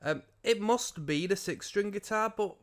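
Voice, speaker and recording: A man's voice: sits high, unhurried. A tired man hosting an album reaction show, chatting casually with rambling asides. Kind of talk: casual music reaction commentary.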